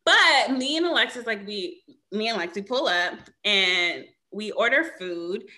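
A woman's voice: medium pitch, moderate pace. A woman in casual chat as a podcast co-host, swearing freely, laughing often and telling stories with emphasis. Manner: storytelling, lively and emphatic.

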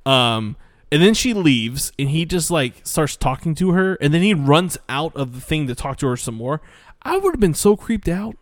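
A man's voice: a little high, very animated, moderate pace, no room sound. A man with a slightly raised voice talks in loose, rambling bursts, swearing freely and losing his train of thought. He is recorded very close and dry, with almost no room sound. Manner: rambling, swearing, laughing, trailing off. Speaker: podcast co-host reviewing bad movies. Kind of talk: casual profane chat.

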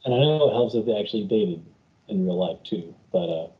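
A man's voice: lowish voice, animated, fairly quick. A man co-hosting a casual chat, giving emphatic opinions with stumbling restarts. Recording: dull lo-fi sound.

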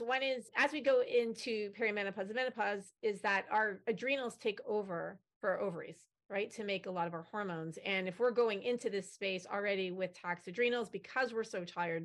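A woman's voice: mid-range voice, fairly quick, few pauses. A woman in her forties or fifties, in menopause, chatting casually on a video call panel and acting out quoted remarks. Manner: chatty, animated, acts out quotes. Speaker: panelist, company founder.

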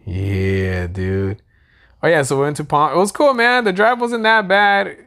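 A man's voice: a little high, measured pace, fairly bright tone. Male podcast co-host, casual, crude humor, lots of swearing. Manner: crude, joking, swears a lot. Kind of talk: casual chat.

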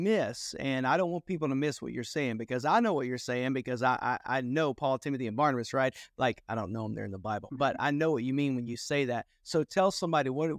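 A man's voice: mid-range voice, no room sound, studio quality. A man hosting a faith podcast, asking earnest, encouraging questions in a casual interview style. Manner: earnest, encouraging, asks long framing questions. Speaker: podcast host.

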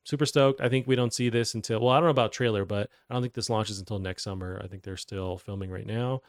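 A man's voice: fairly low pitch, fast, no echo, studio quality. A man hosting a gaming news show, talking in a loose, rambling way with many fillers. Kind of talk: casual gaming news chat.

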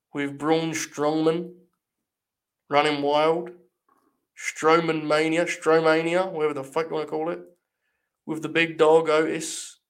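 Young man, live stream host, mock-solemn rambling commentary, swearing, slightly high voice. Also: clear, resonant tone. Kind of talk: casual live watch-along commentary.

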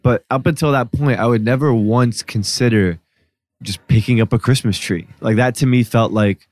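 A man's voice: lowish voice, normal speed, no room sound. A man in his thirties, a journalist guest, telling stories in a casual podcast chat and laughing often. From United States. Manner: laughing often, animated storytelling.

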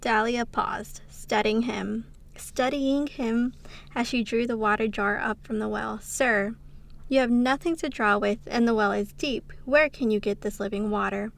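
A woman reads passages of a devotional book aloud for her podcast. Her voice is fairly high but carries a gravelly fry, and she reads at a steady, unhurried pace, slowing down on key phrases. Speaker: podcast co-host.

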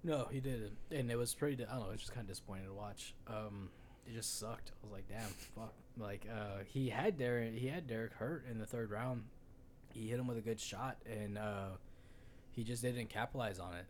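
A man's voice: lowish voice, a little fast, slight background noise. A man co-hosting a casual sports podcast, rambling and swearing freely with lots of fillers. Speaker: podcast co-host.

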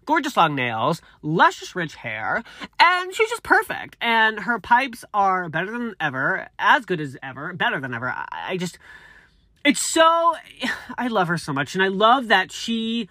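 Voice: medium pitch, sing-song, a little slow, sharp tone, no echo, studio quality. A speaker in their thirties reading celebrity news aloud with chatty, gushing side comments. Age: 30s. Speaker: entertainment news vlogger.

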